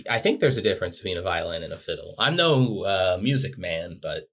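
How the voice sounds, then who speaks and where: A man's voice: deep voice, big pitch swings, brisk, fairly bright tone. A man co-hosting a casual music podcast, rambling and correcting himself mid-sentence with a joking tone. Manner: rambling, self-correcting, jokey. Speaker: podcast co-host.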